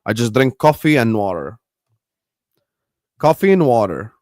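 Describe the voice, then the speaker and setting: A non-native English-speaking man hosting a relaxed live stream, rambling and reading out viewers' chat messages. His voice sits at an ordinary mid pitch. The recording is close and dry, with no room sound. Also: unhurried, no room sound. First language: not English. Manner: chatty, rambling, reads and answers live chat. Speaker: livestream host.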